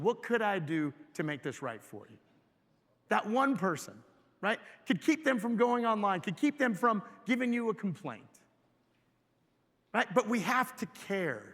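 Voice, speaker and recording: A man's voice: extremely high pitch, a bit bright. A man giving a live keynote speech in a large hall, energetically asking the audience questions and getting them to join in. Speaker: keynote speaker. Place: large hotel event hall. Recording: reverberant hall.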